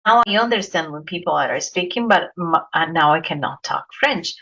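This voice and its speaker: A woman's voice: fairly low pitch, lively intonation, normal speed, fairly bright tone. A Colombian woman with a Spanish accent, hosting a podcast interview and telling anecdotes in an earnest way, often repeating words while she searches for them. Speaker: podcast host. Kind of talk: casual interview chat. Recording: dull lo-fi recording.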